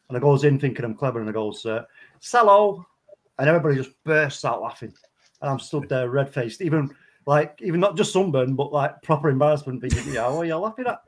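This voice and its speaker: A man on a casual podcast panel over a video call, laughing often and telling stories in an animated way. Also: medium pitch. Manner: laughs a lot, animated storyteller. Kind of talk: casual chat, anecdote telling.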